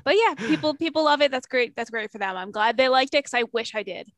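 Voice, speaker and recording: A woman's voice: high voice, animated, fast, fairly bright tone, no room sound. A woman co-hosting a casual talk show, speaking frankly and expressively, with muttered asides. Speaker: podcast co-host. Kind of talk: casual chat about horror films.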